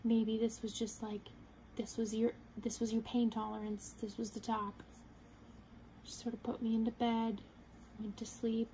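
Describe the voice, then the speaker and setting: A young woman earnestly telling a personal story to the camera, halting and quoting her own thoughts. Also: on the high side, flat delivery, warm tone, slight background noise, poor audio. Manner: earnest, halting, retelling with quoted inner thoughts. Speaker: vlogger.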